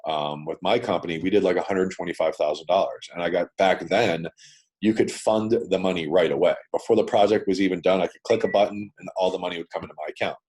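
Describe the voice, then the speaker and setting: A man's voice: low voice, quick pace, a little mellow, slightly rough. A man from Canada, a guest on a video call interview, telling his business story in a blunt, casual way with plenty of swearing and "man" and "dude". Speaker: guest entrepreneur.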